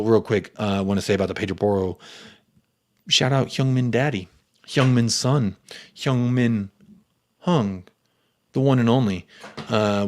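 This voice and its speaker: An American young man hosting a football fan live stream, reading viewers' comments aloud and giving them shout-outs in an animated way. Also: medium pitch. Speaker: fan channel host.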